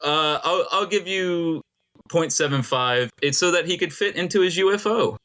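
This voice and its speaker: A middle-aged man hosting a casual podcast trivia quiz, rambling and laughing often as he reads clues slowly. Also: on the high side, lively intonation, sharp tone.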